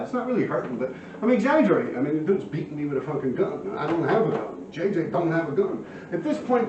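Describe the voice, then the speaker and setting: Profane street storyteller, a man, lively high voice, roomy distant home recording. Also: slight background noise. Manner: animated, profane, heavy slang and fillers. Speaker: storyteller of his own past crimes. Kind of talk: casual street storytelling to camera. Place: at home by a window. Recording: roomy, distant, dull sound.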